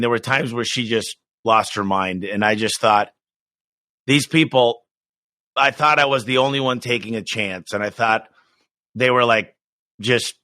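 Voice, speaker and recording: Man, middle-aged, bright forceful tone, dry close sound, emphatic podcast guest talk. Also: medium pitch, no room sound. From United States. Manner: energetic, emphatic, quick restarts, acts out quoted voices. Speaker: business owner guest. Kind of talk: casual podcast interview.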